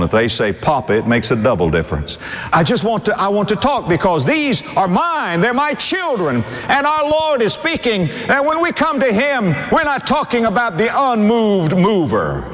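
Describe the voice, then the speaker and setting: Animated preacher man in a reverberant hall. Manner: storytelling preacher, swooping from high to low. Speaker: pastor. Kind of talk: sermon.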